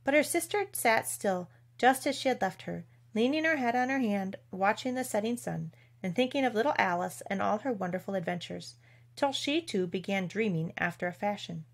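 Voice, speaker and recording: Brief: a woman narrating a children's storybook, expressive and measured, middle pitch. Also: creaky. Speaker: audiobook reader. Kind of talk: storybook reading.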